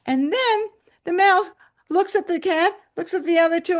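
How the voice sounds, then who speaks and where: Animated woman storyteller, lively pitch. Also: slow pace. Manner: animated, acts out scenes with shouted quotes. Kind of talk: storytelling to an audience. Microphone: video call.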